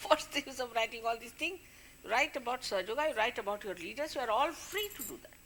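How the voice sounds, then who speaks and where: Bright-voiced woman scolding her followers. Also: a little high, animated, quick pace, a little hiss or hum. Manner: scolding, warning, conversational with asides. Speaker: spiritual leader addressing followers. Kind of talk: informal spiritual talk.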